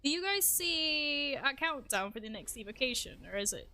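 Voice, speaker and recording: A young adult woman streaming a game live, reacting excitably, swearing and making fun of herself. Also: high-pitched, normal speed. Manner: excitable, swears, self-deprecating outbursts. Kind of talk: live gameplay commentary.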